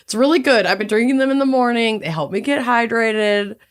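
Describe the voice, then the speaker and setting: A woman's voice: a little high, brisk. A woman in her thirties co-hosting a podcast, chatting casually with jokes and laughter. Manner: bubbly, joking, laughs often. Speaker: podcast co-host. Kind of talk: casual chat and ad reads.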